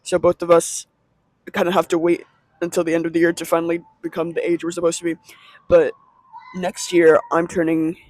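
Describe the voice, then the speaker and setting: A man's voice: on the high side, monotone, brisk, no room sound. A young man in his late teens rambling through a casual vlog monologue while out in a market, with chatty, self-aware asides. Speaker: vlogger.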